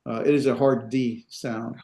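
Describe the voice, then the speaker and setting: A man lectures to a class in a roomy, echoing space, his voice at an average pitch. He halts and restarts, fills gaps with "uh," and throws in dry asides. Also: little pitch movement, creaky, warm tone. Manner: halting, many fillers and restarts, dry asides. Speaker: Hebrew teacher. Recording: echoey classroom.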